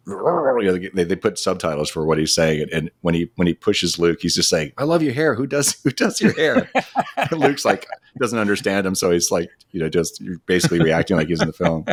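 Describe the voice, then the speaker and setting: A man co-hosting a casual podcast chat, a laid-back storyteller quick to laugh, on a close podcast mic. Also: deep voice, no echo. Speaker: podcast co-host.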